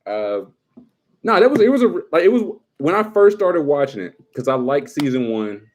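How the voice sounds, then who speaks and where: A man casually chatting with his livestream viewers, joking around and breaking into quick impressions. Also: a little high, very animated.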